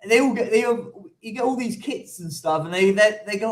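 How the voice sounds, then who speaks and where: Male host, high register, playful banter and frequent laughs on a relaxed fan stream. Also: a little fast, few pauses. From Italian roots. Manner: teasing, banters and laughs often. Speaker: channel host. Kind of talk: casual fan chat on a stream.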